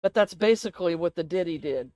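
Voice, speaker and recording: A woman co-hosting a casual podcast chat, rambling and animated, often laughing as she talks. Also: lowish voice, fast talker, low-quality recording. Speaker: podcast co-host.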